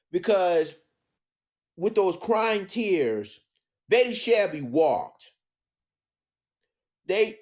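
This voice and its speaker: A man giving indignant live-stream commentary, addressing his audience as ladies and gentlemen, often repeating himself. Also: high-pitched. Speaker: commentator on current events.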